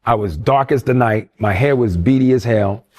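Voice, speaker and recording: Older man, animated storyteller. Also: mid-range voice, moderate pace. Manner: animated storyteller who acts out quoted voices. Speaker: interview guest. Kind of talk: storytelling interview.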